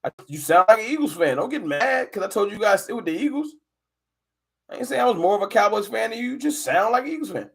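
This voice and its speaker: A man hosting a casual fan live stream, talking football and arguing with chat viewers in an animated, combative way. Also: high-pitched, quick pace, gravelly, slightly rough. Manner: animated, argumentative, addresses chat viewers directly.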